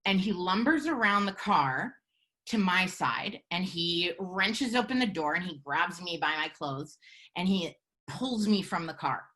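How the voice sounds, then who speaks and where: Earnest low-voiced woman. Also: expressive, sharp tone. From Canada. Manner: earnest, measured, with halting pauses and fillers. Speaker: storyteller. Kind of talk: live personal storytelling.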